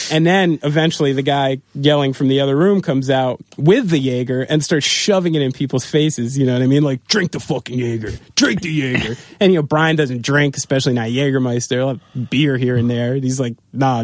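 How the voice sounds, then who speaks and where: A man who drums in a band recounts tour tales as an interview guest, casually swearing, laughing, and using many fillers. His mid-range voice stays steady, runs fairly quick with hardly any pauses, and sounds studio quality with no room sound.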